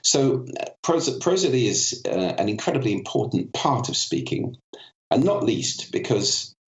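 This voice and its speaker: A man's voice: lowish voice, creaky, echoey room, highs cut off. A man with a cold, a voice and communication expert, explaining articulately as a podcast guest and demonstrating vocal effects as he goes. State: has a cold. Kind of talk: explanatory interview talk.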